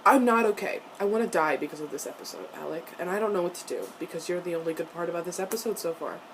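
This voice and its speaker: A young woman reacting to a TV episode in a casual vlog, animated and profane, with frequent laughs. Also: lowish voice, fast, slight background noise. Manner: laughs often between lines.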